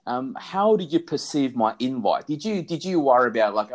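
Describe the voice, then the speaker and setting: A man in his forties hosting a podcast, excitable, laughing often and restarting his phrasing as he chats over a phone line. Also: medium pitch, moderate pace, few pauses. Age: 40s. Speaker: podcast host. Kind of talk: casual interview chat. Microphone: phone call.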